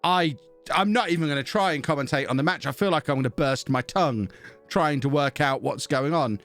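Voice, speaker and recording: A man on a live stream, talking through a football management game in a loose, chatty way. He thinks out loud, mocks himself and keeps breaking off to thank subscribers. His voice sits a little high, with faint game music underneath. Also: a little fast. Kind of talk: casual live-stream commentary.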